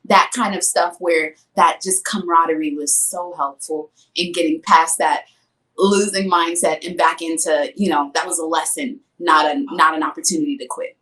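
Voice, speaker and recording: Young adult woman, podcast guest, casual storytelling, animated, acts out quotes. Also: lowish voice, normal speed. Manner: animated storyteller acting out her own past words. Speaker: guest athlete.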